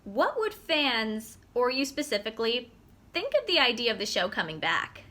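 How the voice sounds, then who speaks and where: A woman's voice: fairly high pitch, very animated, moderate pace, bright, forceful tone. A woman from the United States hosting an interview, speaking earnestly and from the heart. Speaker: interview host.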